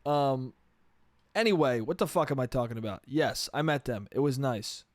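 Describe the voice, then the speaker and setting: A man's voice: mid-range voice, expressive, normal speed, no room sound, clean studio sound. A man from New York State hosting a solo podcast, rambling, swearing and laughing at himself. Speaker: podcast host.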